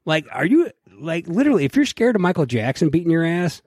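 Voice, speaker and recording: Speaking quickly in a voice on the high side, this man co-hosts a podcast and spins animated, profane stories packed with acted-out quotes. It's a loud, casual chat, captured as clean studio sound without echo.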